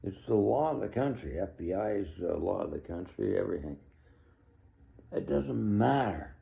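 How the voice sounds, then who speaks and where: Man, 60s, rambling opinionated rant, dark gravelly voice. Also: sits low, animated, moderate pace. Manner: ranting, opinionated, chuckling. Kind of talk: rambling monologue.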